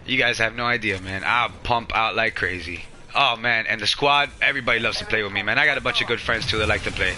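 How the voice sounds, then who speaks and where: A man streaming a video game live on a headset mic at home at night, excitable and emotional as he talks to his chat. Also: fairly low pitch, fast talker, hardly any pauses, a little hiss or hum. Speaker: gaming streamer. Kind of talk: live gameplay stream commentary.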